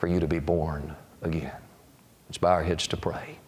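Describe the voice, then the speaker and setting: A man preaching a revival sermon, pleading and repeating his questions, telling stories with dramatic pauses. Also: very deep voice, little pitch movement, husky. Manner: pleading, repetitive, dramatic storytelling. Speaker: evangelist preacher.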